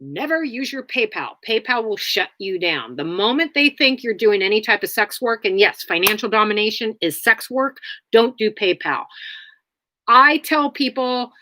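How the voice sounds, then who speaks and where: A woman's voice: medium pitch, lively intonation, moderate pace, pushed and bright, no echo. A woman hosting a casual livestream, answering viewers in a blunt, rambling way with many fillers. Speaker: livestream host.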